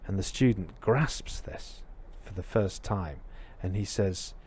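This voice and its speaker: A man giving a reflective dharma talk, telling a parable with many pauses and fillers. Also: low voice, darkish tone, slight background noise. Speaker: Buddhist teacher.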